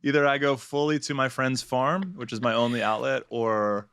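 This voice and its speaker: A man's voice: medium pitch, flat delivery, normal speed, a bit bright, clean tone, dry recording. A man co-hosting a casual podcast chat, joking and sarcastic, laughing often. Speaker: podcast co-host.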